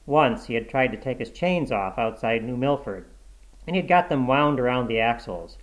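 A man narrating a short story in a measured, even audiobook reading. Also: mid-range voice, low-quality recording.

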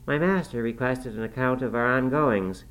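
A man narrating a classic novel in the first person, steady and measured. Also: medium pitch, low-quality recording. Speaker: audiobook narrator.

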